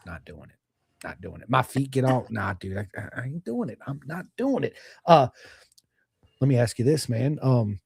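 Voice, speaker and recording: A man telling stories in a casual podcast chat, swearing freely and talking with animated energy. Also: mid-range voice, normal speed, gravelly, slightly rough. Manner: profane, animated storytelling.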